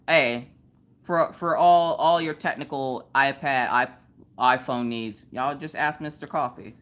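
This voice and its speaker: A woman with a Southern US accent, hosting a casual live stream and chatting loudly with viewers, jumping to high squeals when she greets them. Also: measured pace.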